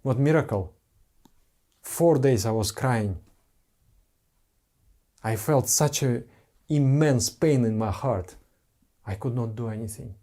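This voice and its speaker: A man's voice: medium pitch, slow pace, pauses often, mellow. A man who is a spiritual teacher, giving an earnest, heartfelt devotional talk to followers in simple broken English.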